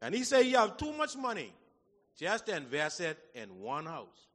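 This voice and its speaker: A man preaching a sermon in a church hall, folksy and animated, swinging from shouts to low asides. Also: normal speed. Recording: long hall reverb.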